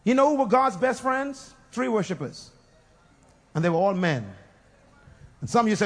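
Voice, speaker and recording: High-voiced fiery male preacher. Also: sing-song, moderate pace, pauses often. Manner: fiery, call-and-response preaching with shouts and laughter. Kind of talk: sermon.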